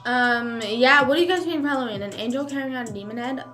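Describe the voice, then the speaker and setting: Young woman, casual mukbang chat, rambling, full of fillers, chewing between words, bright-pitched, light music behind. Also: fast. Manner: rambling, filler-heavy, chewing while talking. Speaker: streamer.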